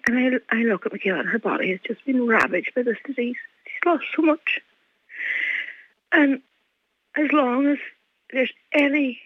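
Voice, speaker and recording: A middle-aged woman with a Donegal Irish accent, speaking earnestly with halting restarts as an interview guest. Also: on the high side, dry recording. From Ireland. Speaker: guest, mother. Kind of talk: emotional phone interview. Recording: dry tinny phone line.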